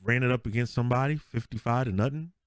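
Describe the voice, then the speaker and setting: A man's voice: medium pitch, fast, clear, resonant tone, dry recording, clean studio sound. A man co-hosting a podcast in casual sports chat, telling stories with lots of laughter and acting out what people said. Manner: animated storyteller, laughs often, acts out quotes. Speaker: podcast co-host.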